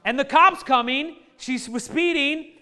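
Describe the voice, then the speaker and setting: A man in his thirties telling a funny family story to a live audience, lively and joking, often laughing at his own lines. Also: very high-pitched, measured pace. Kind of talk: animated anecdote to a live audience.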